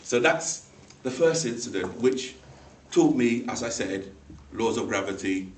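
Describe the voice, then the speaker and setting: A man telling a funny personal story to a club audience, animated and now and then acting out the voices of the people in it. He sounds a little far from the microphone in an echoey room, with a faint noise behind him. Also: medium pitch, a little slow. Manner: animated, acts out voices in the story, laughs along. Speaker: speaker at a speaking club. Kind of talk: humorous personal storytelling speech. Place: meeting room.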